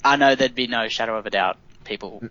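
A man co-hosting a podcast in casual chat, chatty and quick to laugh along. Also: medium pitch, sharp tone, highs cut off. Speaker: podcast co-host.

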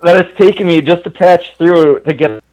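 Animated man telling a story, fairly high voice. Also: normal speed, low-quality recording. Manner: animated, laughs often, acts out quoted dialogue. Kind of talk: casual anecdote telling.

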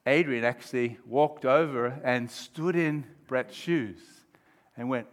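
A man in his fifties preaching a sermon as pastor, shifting from quiet reflection to loud, emphatic exclamations. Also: medium pitch, slow.

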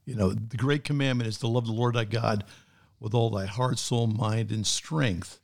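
A man's voice: medium pitch, fairly even intonation, moderate pace, gravelly. A man, a pastor, talking earnestly in a casual discussion and sometimes reading from his own notes. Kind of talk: casual chat.

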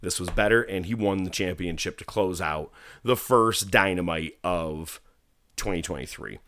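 A low-voiced man talking at normal speed, recorded dry with clean studio sound. As co-host of a laid-back wrestling podcast, he spins stories full of profanity and lively impressions of what others said.

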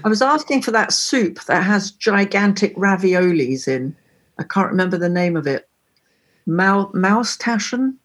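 A woman's voice: mid-range voice, animated, a little slow, husky. A woman on a call, chatting casually and telling stories from her touring days, playfully acting out examples. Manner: chatty storyteller, playfully demonstrates slang. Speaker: guest musician.

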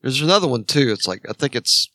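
A man's voice: medium pitch, expressive, quick pace, bright, forceful tone, dry recording. Middle-aged male co-host, rambling and profane, mid-range voice, dry close recording. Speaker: podcast co-host. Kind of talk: casual chat over drinks.

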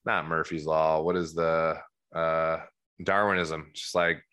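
A man in his thirties with a New Jersey accent talks on a podcast in a loud, rambling way. He keeps restarting his sentences. His voice sits low, but it has a bright, forceful edge. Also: little pitch movement, slow pace, smooth. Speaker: podcast guest, musician. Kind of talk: casual podcast chat.

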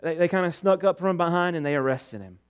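High-voiced man preaching a sermon. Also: fast talker, clear, resonant tone. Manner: preaching with rhetorical questions, dropping soft on key words. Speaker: pastor.

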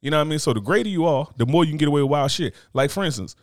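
Fast, lively man talking bluntly. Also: fairly high pitch, dry recording, clean studio sound. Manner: blunt, profane, joking. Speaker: podcast co-host. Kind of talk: casual chat.

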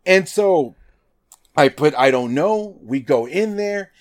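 Animated young man telling a story. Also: fairly high pitch, slow. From Nevada. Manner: animated, swearing, acts out quotes with lots of "like". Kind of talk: casual storytelling chat.

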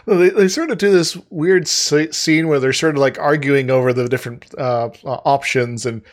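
A man's voice: medium pitch, normal speed. A man co-hosting a casual recap chat, laughing often and hesitating with lots of fillers. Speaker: podcast co-host.

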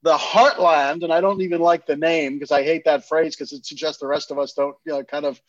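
A man from New England with a fairly high voice, musing aloud on a podcast. He hedges and restarts often as he thinks. The recording is dry and slightly muffled. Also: fairly even intonation, brisk, no room sound. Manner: thoughtful, hedging, with many restarts. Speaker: podcast co-host. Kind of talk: casual discussion.

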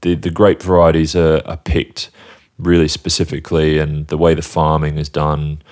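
A man, a guest DJ, chatting casually in an interview, relaxed and rambling with fillers. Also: rumbling low, moderate pace.

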